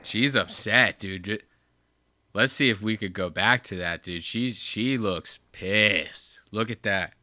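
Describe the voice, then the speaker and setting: A man hosting a casual live stream, mocking a clip with crude, animated commentary. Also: lowish voice, slow. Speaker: host.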